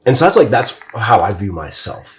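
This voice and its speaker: In a casual podcast conversation, a male co-host talks bluntly and profanely, going off on tangents and losing his thread. His voice is fairly low with big pitch swings, and he speaks a little fast.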